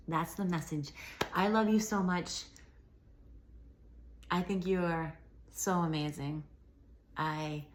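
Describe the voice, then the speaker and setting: A slightly hoarse woman giving a gentle, affirming spiritual message to viewers, sometimes dropping to a whisper. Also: fairly low pitch. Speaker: spiritual channeler. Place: at home.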